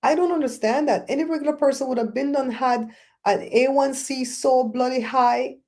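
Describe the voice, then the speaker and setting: A woman's voice: sits high, steady tone, moderate pace, a little mellow. A middle-aged woman hosting a casual talk show, ranting bluntly and telling stories with mocking quoted voices. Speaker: host.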